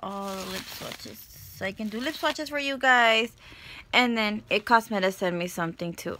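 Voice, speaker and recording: A woman's voice: mid-range voice, unhurried, noisy background. A young woman with a cough, casually vlogging at home on a phone, playful and teasing, dropping Spanish words into her talk. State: sick with a cough. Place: small apartment indoors.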